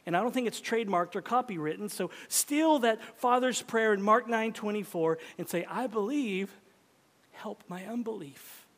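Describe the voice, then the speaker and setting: Guy preaching a sermon, high voice, goes from loud and urgent to soft whispers, long echo like a big hall. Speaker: pastor.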